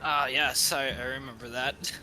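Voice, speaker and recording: A man playing a tabletop game, blunt and animated as he pushes his point. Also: mid-range voice, normal speed, faint music behind, poor audio. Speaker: player. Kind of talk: casual tabletop game chat.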